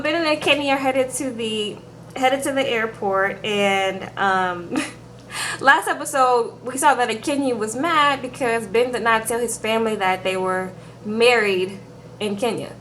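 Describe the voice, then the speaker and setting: A woman's voice: on the high side, unhurried, bright, forceful tone, a little hiss or hum. A woman giving a chatty, sassy recap of a reality TV show to her viewers in a casual vlog, calling them girl and y'all. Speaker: reality TV reviewer.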